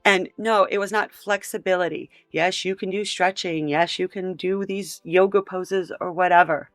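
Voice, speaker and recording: A woman's voice: on the low side, fairly even intonation, moderate pace, few pauses, a bit bright, no room sound, studio quality, soft background music. A woman hosting a reaction video, talking in an exasperated, incredulous and emphatic way. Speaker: commentary host. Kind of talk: reaction commentary.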